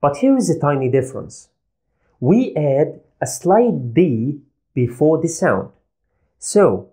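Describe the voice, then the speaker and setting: Man, slow and patient teacher, mellow voice, lively pitch. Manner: patient, repeats sounds slowly for learners. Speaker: Arabic language teacher. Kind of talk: slow, deliberate pronunciation lesson.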